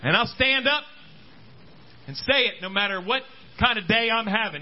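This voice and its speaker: Animated high-voiced male preacher. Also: normal speed, lo-fi sound. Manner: animated preaching, calls out to congregation. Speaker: pastor. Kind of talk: sermon. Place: church service.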